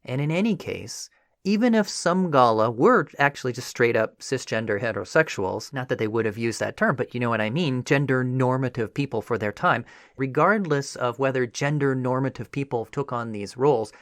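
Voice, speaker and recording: A man's voice: medium pitch, normal speed, no room sound, studio quality. A man hosting a history podcast, narrating a script in a conversational way with frequent asides. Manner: conversational, animated, with frequent "you know" asides. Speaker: podcast host.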